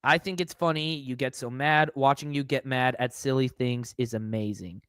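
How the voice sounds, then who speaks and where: A man's voice: medium pitch, fairly even intonation, moderate pace, few pauses, fairly bright tone, clear, resonant tone, no room sound, clean studio sound. A man hosting a live stream, reading viewer comments aloud and answering them with sarcastic, mocking commentary.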